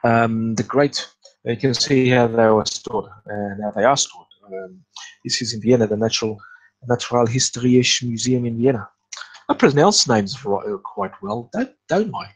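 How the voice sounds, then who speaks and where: A man hosting a casual archaeology talk, reading from an article with many pauses, restarts and wry asides. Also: medium pitch, low-quality recording. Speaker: podcast host discussing archaeology.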